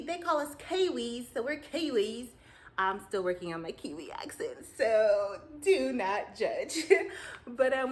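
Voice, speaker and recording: A woman vlogger chatting with her viewers, telling her dreams in an animated way and laughing easily. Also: on the low side, a little hiss or hum, poor audio. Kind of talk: casual storytelling to viewers.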